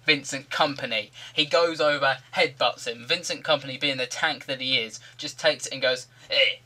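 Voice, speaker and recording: A man's voice: mid-range voice, normal speed, bright, forceful tone. A man giving rambling, jokey commentary over a video game. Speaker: gaming commentator.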